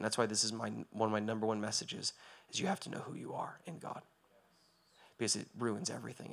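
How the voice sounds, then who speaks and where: A male pastor giving a sermon, moving from quiet reflection to loud, impassioned preaching with rhetorical questions asked again and again. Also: on the low side, gravelly. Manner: asks rhetorical questions over and over.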